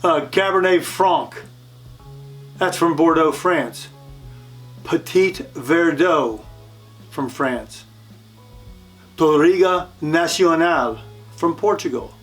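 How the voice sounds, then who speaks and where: A man presenting a wine lesson in a friendly way, often repeating words and pausing on fillers. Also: on the high side, fairly bright tone, faint music behind. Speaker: wine educator. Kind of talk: instructional video presentation.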